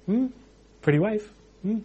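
A man's voice: sits high, lively intonation, measured pace, lo-fi sound, noisy background, pitched above the performer's own voice. A man voicing a scheming king who chummily coaxes a loyal soldier in a wheedling way. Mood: coaxing.

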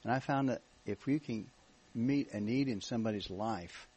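An American man speaking as a guest minister at a church meeting, telling his story in a relaxed, joking way. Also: medium pitch, normal speed, breathy edge, poor audio. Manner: jokey, relaxed storytelling with restarts. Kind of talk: church talk, testimony.

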